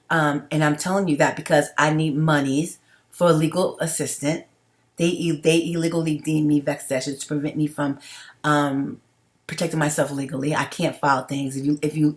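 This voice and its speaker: A middle-aged woman talking straight to her viewers in a personal vlog, emphatic and repetitive, often checking in with "okay?". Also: deep voice. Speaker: vlogger.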